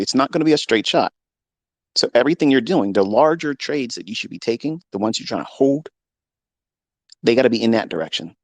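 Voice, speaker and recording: A man's voice: fairly low pitch, dry recording. Profane, blunt middle-aged man ranting. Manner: profane, blunt, swings into heated yelling. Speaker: trading mentor. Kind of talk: unfiltered live audio-room rant. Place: home basement.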